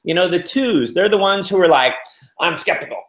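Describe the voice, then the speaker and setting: A motivational business talk comes from a man with a high-pitched voice and a slightly fast pace, who brings his stories to life by acting out the people in them. The sound has a roomy echo.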